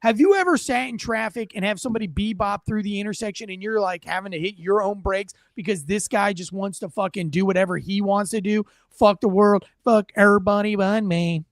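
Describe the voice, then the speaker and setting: A middle-aged man hosting a casual commentary show, reacting to police footage in a blunt, profane, animated way. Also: sits high, brisk, hardly any pauses, no room sound, clean studio sound.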